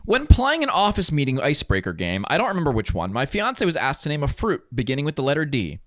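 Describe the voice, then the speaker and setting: Male co-host, fairly high, very expressive voice, playful storyteller who mimics others. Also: quick pace. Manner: animated storyteller, acts out quotes, teasing. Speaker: podcast co-host. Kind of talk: casual chat.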